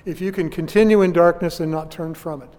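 A man's voice: on the high side, fairly even intonation, fairly quick, darkish tone, big-room sound. A man preaching a sermon to his congregation, earnest and questioning his listeners. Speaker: pastor.

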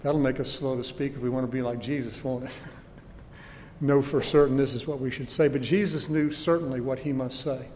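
A man's voice: mid-range voice, fairly even intonation, moderate pace, a little mellow, big-room sound, a little hiss or hum. A man preaching a sermon with earnest emphasis and rhetorical questions, recorded in a church.

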